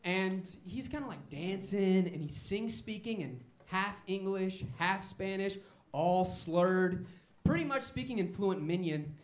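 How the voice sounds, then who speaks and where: A man's voice: high voice, animated, measured pace, reverberant. A man doing a stand-up comedy set on a comedy club stage, telling wry, self-mocking stories.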